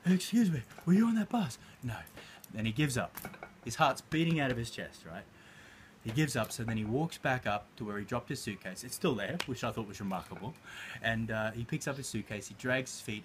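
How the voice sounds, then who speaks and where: A man's voice: fairly low pitch, a bit bright, slight background noise. A man coaching, telling a story and speaking directly to listeners in an emphatic way. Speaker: life coach. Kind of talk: motivational coaching talk.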